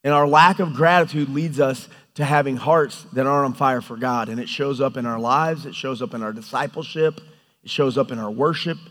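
A man preaching a sermon, animated and storytelling, often acting out quoted lines. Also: fairly high pitch. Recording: hall reverb.

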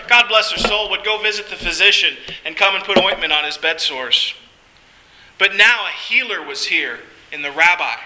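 A man's voice: high-pitched, bright, forceful tone, poor audio. A man narrating a first-person story in an earnest, heartfelt way.

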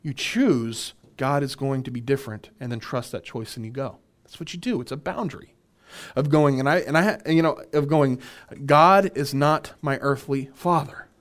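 A man's voice: mid-range voice, moderate pace. A man who is a minister, leading a conversational Bible workshop. He chuckles often and repeats his key points.

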